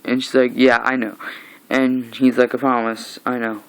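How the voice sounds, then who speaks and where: A young man chats through a comic book recap in a casual home vlog. He rambles, restarts and retells scenes with "he's like." His voice is clear and smooth, sitting at a middle pitch. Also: level tone, moderate pace, poor audio.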